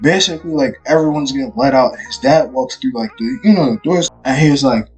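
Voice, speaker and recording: A man casually telling a personal story time, rambling with lots of fillers and getting loud as the argument heats up. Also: mid-range voice, quick pace, faint music behind. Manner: rambling, many fillers like "like" and "you know"; grows loud and heated when retelling the argument. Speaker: YouTube storyteller.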